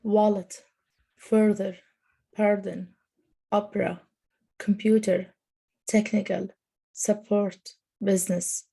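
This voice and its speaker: Flat, mellow woman reading a word list. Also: medium pitch, takes it slowly, gravelly, pauses often, husky. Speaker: student.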